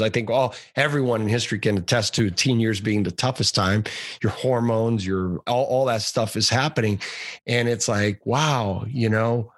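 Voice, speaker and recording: This is a man from Brazil in his forties, talking as a podcast guest in an easy, loose way, circling back and restarting his sentences. His pitch sits in the middle range for a man, and the sound is close and dry with no room around it. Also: no room sound. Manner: relaxed, rambling, many fillers and restarts. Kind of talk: casual interview storytelling.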